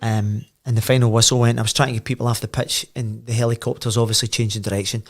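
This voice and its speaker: A middle-aged Scottish man, a former footballer and podcast guest, telling animated anecdotes in casual chat. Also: medium pitch, fast talker. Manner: animated anecdotes, voice swells when telling the story.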